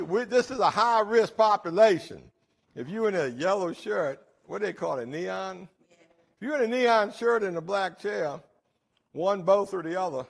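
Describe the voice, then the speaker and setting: A middle-aged man hosting a recovery meeting in a jail, telling stories in a lively, joking, plainspoken way. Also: a little high, vocal fry, very echoey, recorded from a distance. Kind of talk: motivational storytelling to inmates.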